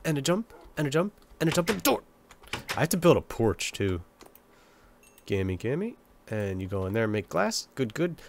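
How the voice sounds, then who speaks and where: A man's voice: lowish voice, slight background noise. Stuffy-nosed young man rambling over gameplay. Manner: rambling, self-mocking chatter to himself. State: congested from a cold, nasal and sniffly. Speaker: let's play gamer. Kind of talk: casual gameplay commentary.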